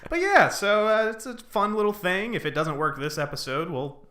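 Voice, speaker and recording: Chatty, lively podcast guy with a bright voice. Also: sits high. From American South. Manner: chatty and upbeat, quick to laugh. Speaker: podcast co-host. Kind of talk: casual podcast chat. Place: small home podcast studio.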